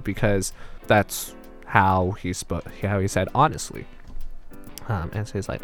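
Young man, storyteller, lively swinging pitch, mid voice, faint guitar music behind. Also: moderate pace. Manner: animated, jumps into quoted voices. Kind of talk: personal storytelling podcast.

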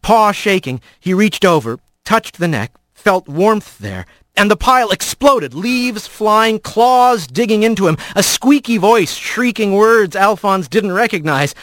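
A man narrating an audiobook in expressive storytelling style. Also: high-pitched, unhurried, no echo, studio quality. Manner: expressive storytelling, voices the characters.

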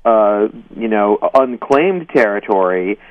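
A man being interviewed, speaking haltingly with many ums and you-knows and hedging as he explains. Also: on the low side, lively intonation, no echo. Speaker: guest journalist. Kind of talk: phone-in interview. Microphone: phone. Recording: tinny distant phone line.

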